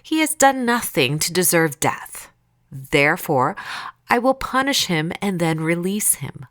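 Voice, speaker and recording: A woman's voice: lowish voice, big pitch swings, measured pace, fairly bright tone. A woman voicing a stern but uneasy male Roman governor who pleads and reasons with a crowd. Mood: insistent.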